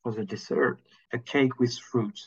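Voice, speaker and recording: A French man speaking careful, halting English as a podcast guest in casual chat. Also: medium pitch, steady tone, slightly rough, dull audio. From France.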